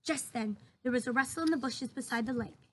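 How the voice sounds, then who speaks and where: A woman teacher reads a children's book aloud to her students, expressive and breaking off for chatty asides. Her voice sits high. Faint ambient noise hums behind her. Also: a little fast, low-quality recording. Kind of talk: read-aloud storytelling for students.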